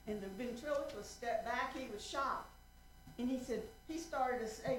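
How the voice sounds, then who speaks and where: A woman in her seventies from North Carolina, giving a folksy, earnest public comment at a council meeting with slow, emphatic appeals. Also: on the high side, slight background noise. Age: 70s. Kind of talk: prepared public comment with a joke. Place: council chamber. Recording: roomy council chamber.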